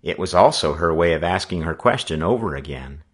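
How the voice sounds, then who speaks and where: Audiobook narrator, man, very deep and lively in pitch. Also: a little fast, slightly rough. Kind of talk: scripted narration.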